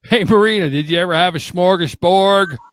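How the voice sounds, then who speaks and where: A man hosting a live podcast, loud and teasing, swearing freely in casual banter with his guests. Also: sits high, fairly quick, no echo. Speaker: podcast host.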